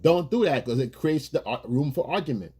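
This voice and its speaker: A man with a husky voice giving emphatic, preachy dating advice in a monologue as a coach. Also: on the high side, animated, fairly quick, mellow.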